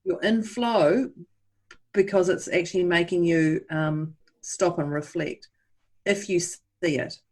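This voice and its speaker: A woman's voice: on the low side, slow, darkish tone. A woman co-hosting a podcast in casual chat, acting out inner voices as she talks. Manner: chatty, acts out inner voices, calls listener love. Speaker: podcast co-host.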